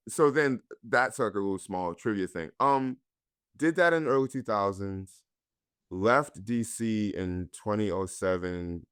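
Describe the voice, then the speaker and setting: Low smooth-voiced guy from north carolina, earnest and reflective, dry close mic. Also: fairly bright tone, no room sound. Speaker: actor guest. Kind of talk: candid conversational storytelling.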